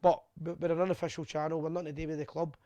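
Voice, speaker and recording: A man's voice: a little high, level tone, rapid-fire, no room sound, highs cut off. A Scottish man hosting a fan live show, chatting casually and reading out viewers' messages while a bit drunk. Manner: chatty, rambling, shouts out viewers by name.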